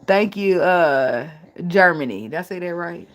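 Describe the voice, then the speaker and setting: A woman's voice: fairly low pitch, lively intonation, measured pace. A woman in reads tarot live from her home. She talks bluntly and swears freely, and her delivery stays casual and direct. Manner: blunt, profane, laughs often. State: tearful at times. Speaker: tarot reader.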